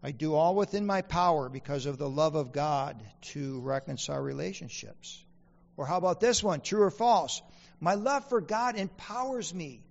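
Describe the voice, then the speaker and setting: A man's voice: high-pitched, creaky, long reverb tail, muffled recording. A man preaching a sermon as pastor, asking the congregation questions and repeating key lines for emphasis. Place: church sanctuary.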